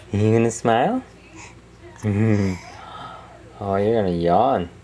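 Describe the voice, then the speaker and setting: A woman's voice: extremely low pitch, wildly swooping pitch, very slow, dark tone. A woman talking baby talk to an infant while filming, cooing in a sing-song way and laughing often.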